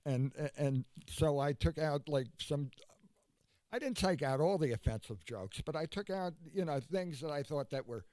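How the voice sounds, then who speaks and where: Man, casual chat, hesitant, lots of fillers, higher-pitched, dead dry sound. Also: lively intonation, a little mellow, no echo. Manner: halting, full of "uh" and "you know".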